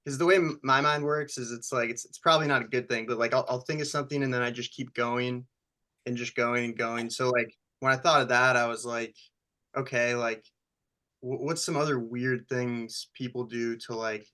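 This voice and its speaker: Bright-voiced man, rambling. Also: mid-range voice, steady tone, moderate pace. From United States. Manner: rambling, loose storytelling with many fillers. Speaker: screenwriter and actor. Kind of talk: casual interview chat.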